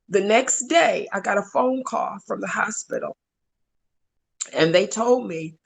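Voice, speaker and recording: A middle-aged woman, wife and caregiver of a stroke survivor, telling her story in an interview with animated, emotional delivery. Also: measured pace, gravelly, pauses often, breathy edge. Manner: animated, voice jumps high when reliving moments.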